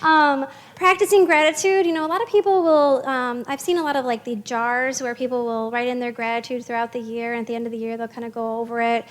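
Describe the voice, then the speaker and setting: A woman's voice: a little high, steady tone, fast talker, few pauses, in a large hall. A woman social worker giving a chatty, upbeat presentation to parents, with many fillers and restarts.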